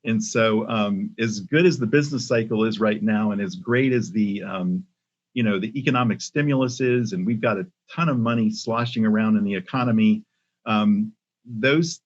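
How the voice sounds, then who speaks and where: An older man, a company CEO, speaking as a podcast guest in a measured way with many pauses and restarts. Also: fairly low pitch, slightly rough. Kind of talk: casual interview talk. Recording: muffled lo-fi audio.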